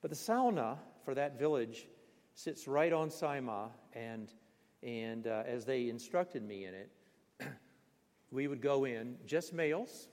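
An older man preaching a sermon, telling personal stories with animated, vivid emphasis in a church. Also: mid-range voice. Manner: vivid, animated storyteller with bursts of emphasis and laughter. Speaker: pastor. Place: church sanctuary. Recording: long hall reverb.

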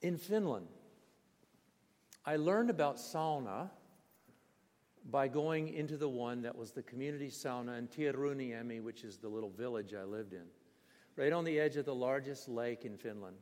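An older man preaching a sermon, telling personal stories with animated, vivid emphasis in a church. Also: medium pitch, moderate pace. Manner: vivid, animated storyteller with bursts of emphasis and laughter. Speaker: pastor. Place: church sanctuary. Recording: long hall reverb.

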